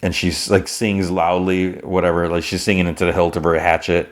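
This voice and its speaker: A man's voice: sits low, little pitch movement, a little fast. A man hosting a podcast, casually recapping a show in a rambling way. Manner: rambling, with many restarts and "he's like". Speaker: podcast host.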